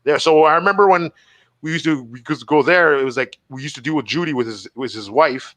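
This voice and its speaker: A man's voice: fairly high pitch, fairly quick, a bit bright, no echo. A man, co-hosting a casual comedy podcast, telling rambling stories full of swearing. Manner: rambling storyteller, swears a lot, laughs through stories. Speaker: podcast co-host. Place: Montreal.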